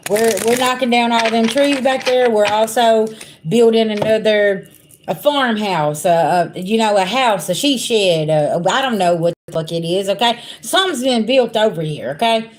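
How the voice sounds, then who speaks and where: A woman's voice: a little high, moderate pace. A woman giving a casual livestream spiritual reading, talking bluntly and profanely straight to her viewers. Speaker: spiritual reader.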